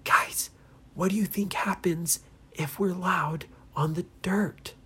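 A woman doing a calm, husky boy adventurer. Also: very deep voice, slow, exaggerated voice. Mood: whispering. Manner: calm, cautious, often whispering. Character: young boy adventurer, steady leader.

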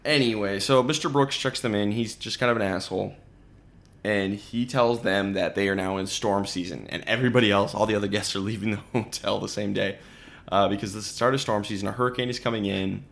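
A man's voice: on the low side, fairly even intonation, fairly quick, gravelly, fairly bright tone. Sarcastic man recapping a movie. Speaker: podcast host. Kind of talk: casual movie review chat.

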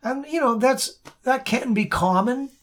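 A musician telling a song's backstory in casual chat, with halting restarts, plus faint guitar behind. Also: high-pitched. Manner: animated anecdotal storyteller, halting restarts.

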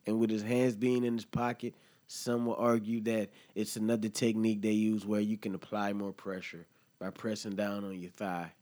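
A man's voice: lowish voice, flat delivery, moderate pace, warm tone. A man hosting a solo podcast, talking in heated, profane slang straight to his listeners. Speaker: podcast host. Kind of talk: impassioned solo podcast commentary.

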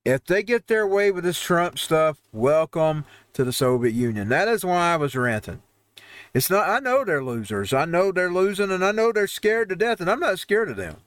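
A man's voice: high-pitched, lively intonation, moderate pace, fairly bright tone, no room sound. A man hosting a home-made show, ranting over news headlines in a heated, rambling way with frequent restarts. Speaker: host. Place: home newsroom studio.

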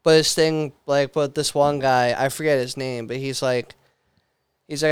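A man's voice: mid-range voice, steady tone, moderate pace, smooth, no room sound. A man co-hosting a podcast in casual chat, speaking crude slang and saying "dude" constantly. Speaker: podcast co-host.

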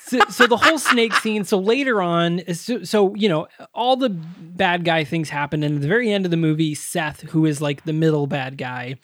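A woman's voice: on the low side, normal speed, hardly any pauses, no room sound, studio quality. A woman co-hosting a podcast, retelling a movie scene by scene in casual, swear-laden chat. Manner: animated, swearing, acting out scenes with laughs. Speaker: podcast co-host.

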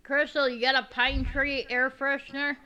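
A woman co-hosting a casual chat, who tells personal stories in a plain, earnest way and trades quick remarks. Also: sits high, flat delivery, pushed and bright, dull audio.

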